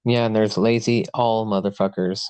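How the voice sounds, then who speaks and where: A man's voice: fairly low pitch, fairly even intonation, moderate pace, a little mellow, slight background noise. A man hosting a casual podcast chat, laid-back and agreeing, swearing freely. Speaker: podcast host.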